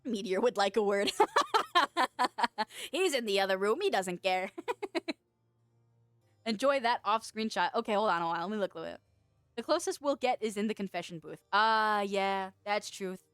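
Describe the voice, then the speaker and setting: A woman's voice: mid-range voice, animated, unhurried, long pauses, fairly bright tone, dry recording. A young woman streaming, chatting casually with viewers, reading out their messages and laughing often in a playful, giggly way. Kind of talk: casual livestream chat, reading out chat. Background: faint background music.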